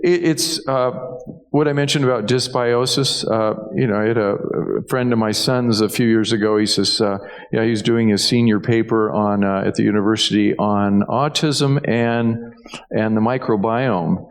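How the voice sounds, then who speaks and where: A man, a doctor, answering health questions in a relaxed chat, telling rambling stories with frequent restarts. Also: on the low side, normal speed. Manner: rambling anecdotes with many restarts. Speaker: guest doctor. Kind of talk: casual health Q&A. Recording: long hall reverb.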